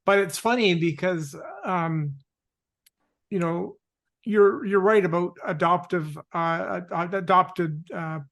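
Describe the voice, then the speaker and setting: A man hosting a talk show, speaking haltingly with many restarts. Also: high-pitched, fairly bright tone. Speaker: host. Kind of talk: casual chat.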